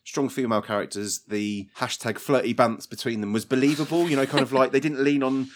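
A man's voice: mid-range voice, fairly even intonation, fairly quick, slight background noise. A man rambling and joking on a casual podcast, stumbling over his words. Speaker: podcast co-host. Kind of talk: casual chat.

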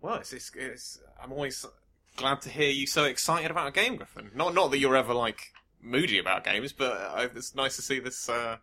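A man's voice: medium pitch, brisk, pushed and bright. A man hosting a podcast who teases his co-hosts in casual chat. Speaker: podcast host.

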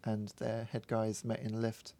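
A man's voice: on the low side, completely flat delivery, moderate pace, vocal fry, warm tone. A man co-hosting a casual podcast, explaining things at length with plenty of ums and ahs. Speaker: podcast co-host. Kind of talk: casual chat.

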